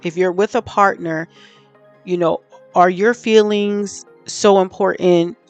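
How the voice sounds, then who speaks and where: A woman talks straight to her viewers about relationships, her voice carrying a gravelly fry. She asks pointed rhetorical questions one after another, candid and a little preachy. Soft music plays faintly underneath. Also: fairly low pitch, steady tone, takes it slowly. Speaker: relationship advice vlogger. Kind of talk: direct-to-camera advice talk.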